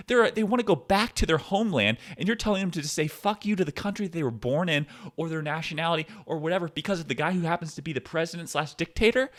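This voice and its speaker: Podcast host, male, sarcastic profane ranter, very lively pitch swings. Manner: profane, sarcastic, swings between low mutter and loud outbursts. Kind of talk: ranting commentary.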